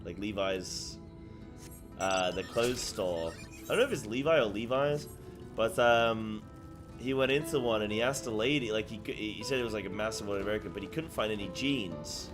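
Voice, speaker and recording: A man's voice: fairly low pitch, over music. Rambling man streaming a game. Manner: rambling, halting, lots of fillers. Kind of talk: casual live-stream chat.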